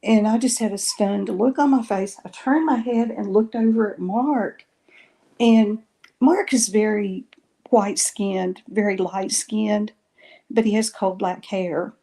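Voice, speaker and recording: A woman's voice: mid-range voice, a little slow, warm tone. A middle-aged woman, telling a long story in a rambling way and correcting herself often. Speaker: guest recounting paranormal experiences. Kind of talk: casual storytelling interview.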